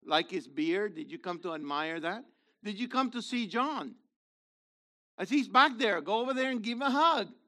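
A man in his seventies with a worn, gravelly voice, preaching a fiery sermon that swings from low murmurs to shouts. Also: animated, normal speed. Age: 70s. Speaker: messianic rabbi.

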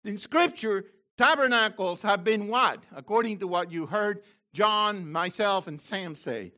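An older man teaching from the Bible in an excited, exclamatory way, with bursts of shouting. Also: high-pitched, measured pace. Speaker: preacher.

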